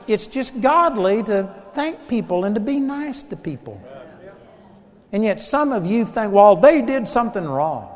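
A Texan man preaching in a storytelling way, his voice sitting high for a man. He swings from loud, forceful lines to soft asides, and the sound rings out in a large church hall with a long reverb. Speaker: pastor. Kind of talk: sermon.

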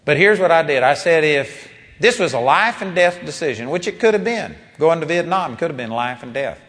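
A man preaching a sermon, telling a personal story with animated rises and quiet drops when quoting people. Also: a little high, brisk. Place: large seminar hall. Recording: long reverb of a large hall.

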